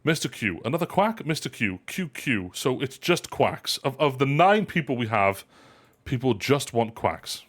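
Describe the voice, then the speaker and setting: Man, stream host, lively rising and falling pitch, playful, rambling chat. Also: measured pace. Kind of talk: casual live stream chat.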